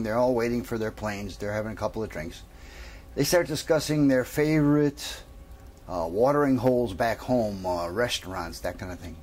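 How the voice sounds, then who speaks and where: A man casually telling a long joke, rambling with many fillers and pauses. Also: mid-range voice, a little mellow. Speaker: joke teller.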